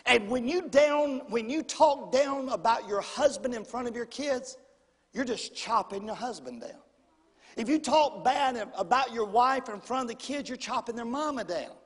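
Man, middle-aged, pastor, folksy animated sermon, very high voice, long church reverb. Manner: folksy, animated preaching with audience call-outs. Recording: long hall reverb, husky voice.

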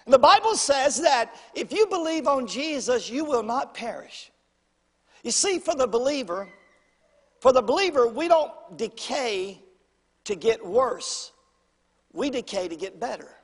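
High-voiced older preacher, echoing hall. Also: male voice, unhurried, breathy edge. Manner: preacherly call-and-response, animated swings in pitch and volume. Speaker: pastor. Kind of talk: sermon. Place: church sanctuary.

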